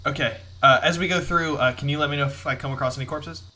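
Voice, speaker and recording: A man's voice: a little high, fairly even intonation, quick pace, bright, forceful tone. A man playing in a tabletop game, asking questions in a hesitant way. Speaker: player. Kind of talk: casual tabletop play.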